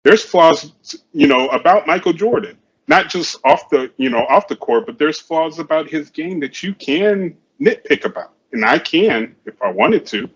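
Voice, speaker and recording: A man's voice: fairly high pitch, animated, moderate pace, breathy edge, muffled recording. A man co-hosting a casual sports chat show, rambling and often repeating himself. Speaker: podcast co-host.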